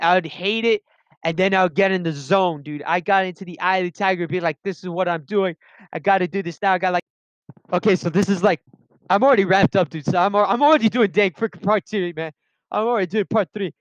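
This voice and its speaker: A young man talks in a high, smooth voice, rambling through his own stories and often breaking off mid-thought. The sound is dry and a little dull, like a cheap recording. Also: dry recording. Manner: rambling, self-interrupting, slangy. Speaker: vlogger telling personal stories. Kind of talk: rambling casual monologue.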